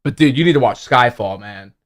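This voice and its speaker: A young man co-hosting a livestream, chatting in an excitable, slangy way. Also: medium pitch, brisk. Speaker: stream co-host. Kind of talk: casual stream chat.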